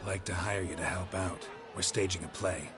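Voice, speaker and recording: A man doing a gruff monster hunter from a video game, with a low voice and short, calm, dry replies. Game music plays in the background. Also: moderate pace, crowd noise, close to an everyday voice.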